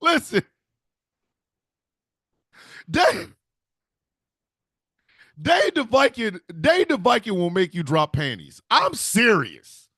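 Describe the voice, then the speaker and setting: A man's voice: high voice, big pitch swings, slow, vocal fry, long pauses, sharp tone, slightly rough, dry recording, clean studio sound. A man hosting a casual stream, talking emphatically, swearing and laughing often. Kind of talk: casual livestream chat.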